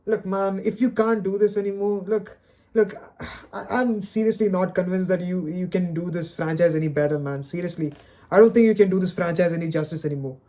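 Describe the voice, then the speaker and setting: He has a high-pitched, warm voice held at a steady tone and moves a little fast. In this unscripted solo rant on camera, the male video creator sounds exasperated, dejected and frustrated, sighing and stammering over repeated words.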